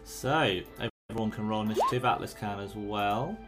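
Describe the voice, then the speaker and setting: A man, narrating a tabletop game as game master in an unhurried, descriptive and encouraging way. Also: fairly low pitch, expressive, over loud music.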